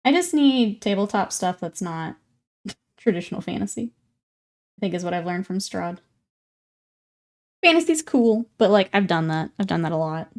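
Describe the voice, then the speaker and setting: A woman's voice: mid-range voice, sing-song, moderate pace, long pauses, darkish tone. A young woman chatting casually with her live-stream viewers while painting miniatures, laughing often and greeting newcomers.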